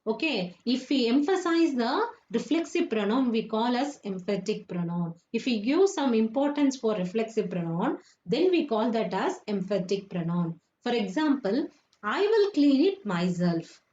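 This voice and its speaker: A woman's voice: on the high side, very animated, moderate pace, a little mellow. A woman teaching children a grammar lesson, often repeating points and asking if they understood. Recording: echoey room, dull lo-fi sound.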